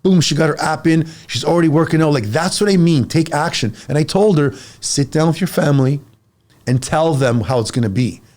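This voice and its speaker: A man in his forties, a fitness coach talking in a casual podcast chat, energetic and blunt, pushing listeners with emphatic advice. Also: fairly high pitch, brisk.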